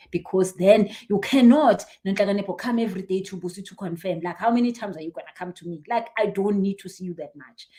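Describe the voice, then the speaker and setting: A woman, a spiritual healer chatting casually on a live stream, animated and quick to laugh. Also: fairly low pitch. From South Africa. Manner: animated, chatty, laughs often, acts out what people say. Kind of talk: casual live-stream chat answering viewers.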